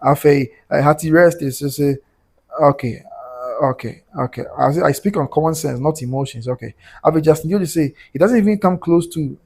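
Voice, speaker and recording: A Ghanaian man hosting a livestream, animated, switching between Twi and English while reading out viewer comments. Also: a little high, normal speed, slightly rough. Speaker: host.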